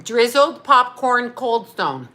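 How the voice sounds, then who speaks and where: A woman's voice: fairly high pitch, slow. A middle-aged woman vlogging at home, unboxing a care package with lots of laughing and exclamations. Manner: excitable, laughs often, exclaims "oh my God".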